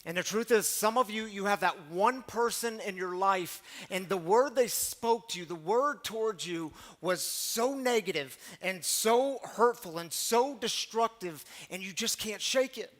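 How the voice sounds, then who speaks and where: A man's voice: sits high, lively intonation, a little slow, hardly any pauses, fairly bright tone. A male pastor from Missouri giving a conversational, storytelling sermon to his congregation, with asides to the listeners.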